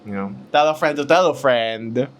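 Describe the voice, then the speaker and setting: A man's voice: medium pitch, moderate pace. A Filipino man hosting his own podcast, chatting casually and mocking himself while fumbling retakes, hot and sweaty in a room at home. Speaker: podcast host. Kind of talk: casual chat mixing English and Tagalog.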